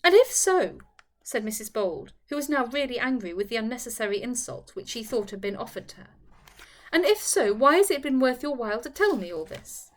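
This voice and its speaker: A woman's voice: fairly high pitch, fast talker, few pauses, close to an everyday voice. A woman reading as a proud young widow, sharply indignant. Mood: angry. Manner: haughty, sharp, sarcastic.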